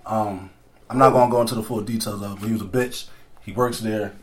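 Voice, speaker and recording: A man's voice: on the low side, steady tone, quick pace, slight background noise. A man hosting a podcast in loose, profane, joking banter with friends. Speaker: podcast host.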